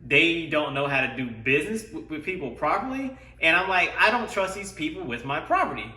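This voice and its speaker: A man tells a heated story, imitating other people's lines along the way. His voice sits high and sounds bright. He is picked up from a distance in an echoey room. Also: animated, brisk. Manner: frustrated retelling, mimics others' lines. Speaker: vlogger. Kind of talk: animated storytelling rant. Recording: roomy, away from the mic.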